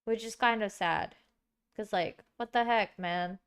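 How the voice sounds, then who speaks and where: A woman's voice: medium pitch, unhurried, clear, resonant tone. A woman streaming from home, chatting casually and rambling with many fillers and restarts. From Singapore. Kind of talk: casual live-stream chat.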